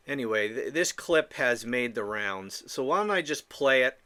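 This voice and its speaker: A man's voice: mid-range voice, lively intonation, moderate pace, hardly any pauses, bright, forceful tone. A man hosting a political podcast, ranting in an indignant, profane monologue with stammering restarts. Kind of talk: opinion monologue.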